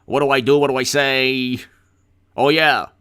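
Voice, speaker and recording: A man putting on a mocking impression of a male politician making a slow, pompous speech. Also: medium pitch, little pitch movement, fairly bright tone, smooth, close to an everyday voice. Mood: smug.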